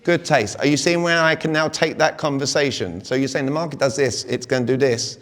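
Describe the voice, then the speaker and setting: A man's voice: medium pitch, fairly quick. A man with a British accent coaching a live audience on sales communication and firing rhetorical questions at the room. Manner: energetic, fires rhetorical questions at the crowd. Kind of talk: live seminar talk. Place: large hall with an audience. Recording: long hall reverb.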